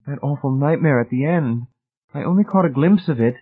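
A shaken young wife, voiced by a man reading aloud speaks in a breathy, raised voice full of fear. The voice is husky underneath. It comes through a thin, phone-like sound. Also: medium pitch, brisk, no echo, voice pushed up, lightly acted. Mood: fearful. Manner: breathy, fearful.

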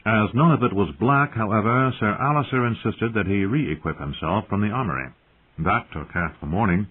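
Low, husky male audiobook narrator. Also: normal speed. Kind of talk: scripted narration. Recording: tinny phone-like audio.

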